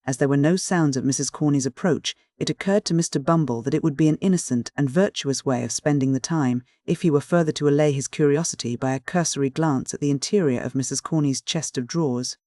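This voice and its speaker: A man narrating a classic novel in a formal, measured reading style, close to the microphone. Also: a little high, darkish tone, no echo. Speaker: audiobook narrator. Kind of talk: scripted narration.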